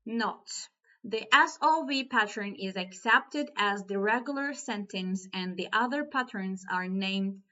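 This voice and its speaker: Slow-paced Turkish-accented woman teacher. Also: mid-range voice, fairly bright tone, muffled recording. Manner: slow, explanatory, reads example sentences aloud. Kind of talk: online language lesson.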